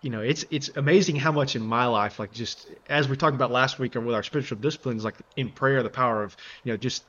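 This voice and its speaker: A man co-hosting a faith podcast speaks earnestly at a mid pitch, leaning on you know and like. The sound is slightly dull and lo-fi. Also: fast, few pauses, a bit bright. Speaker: podcast co-host. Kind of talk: casual faith discussion.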